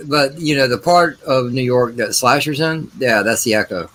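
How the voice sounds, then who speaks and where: A man's voice: medium pitch, moderate pace, fairly bright tone. A man hosting a casual online group chat from the United States, laid-back and teasing. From USA.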